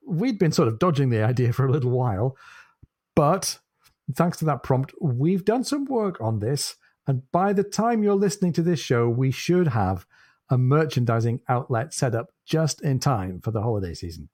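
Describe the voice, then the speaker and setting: Man, medium pitch, expressive, casual podcast chat. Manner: chatty, reads out announcements. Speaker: podcast co-host.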